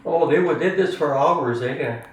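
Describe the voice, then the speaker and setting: An older man with a voice on the high side reminisces at a measured pace, playing family storyteller in a casual, rambling, chuckling way. He keeps tagging his phrases with "eh?". The recording is roomy, the mic distant, with faint room noise.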